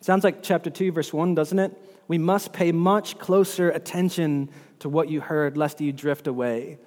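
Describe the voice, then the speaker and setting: A man's voice: a little high, fairly even intonation, moderate pace, a little mellow. A man preaching a sermon as pastor, earnest and often repeating words as he works through scripture. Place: church hall. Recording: long hall reverb.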